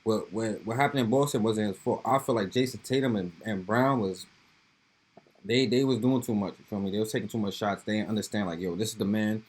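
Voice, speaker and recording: Husky New guy riffing casually. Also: on the low side, brisk. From Brooklyn, New York. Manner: slangy, rambling, keeps tossing in "bro" and "you feel me". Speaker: reaction video host. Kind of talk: casual reaction commentary.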